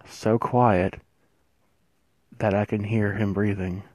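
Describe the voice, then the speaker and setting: A man telling a first-person horror story, hushed and suspenseful, with drawn-out pauses. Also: fairly low pitch, level tone, no echo.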